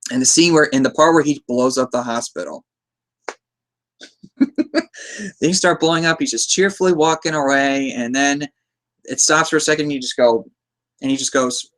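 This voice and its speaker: A man's voice: medium pitch, normal speed, long pauses, a bit bright. A man hosting a podcast, recapping a movie in a casual, rambling way, chuckling often and slipping into quoted lines. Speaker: podcast host.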